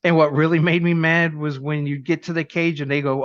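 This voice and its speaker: A middle-aged man with a fairly high voice, a lively storyteller in a casual podcast chat. The sound is dull and lo-fi but dry, with no room around him. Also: a little fast, no room sound. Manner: lively anecdotal storyteller who acts out dialogue. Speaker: podcast co-host.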